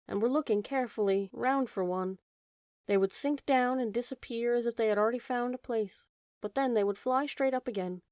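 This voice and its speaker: Woman narrating a storybook gently. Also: fairly high pitch, no room sound, studio quality. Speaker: audiobook narrator.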